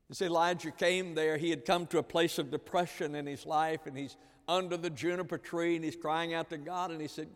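A man preaching a sermon, earnest and repetitive, swinging from loud emphasis to hushed lines. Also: on the high side, fairly even intonation, moderate pace. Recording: long reverb of a large hall.

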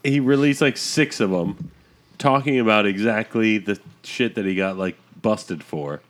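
A man's voice: on the low side, a little slow. Laughing, rambling man in casual chat. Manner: laughs often, rambling with many fillers. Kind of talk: casual podcast banter.

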